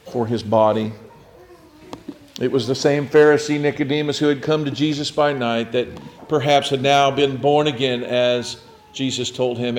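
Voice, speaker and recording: A man preaching a sermon, retelling scripture in a reflective storytelling way, often dropping to a near hush. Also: mid-range voice, slight background noise.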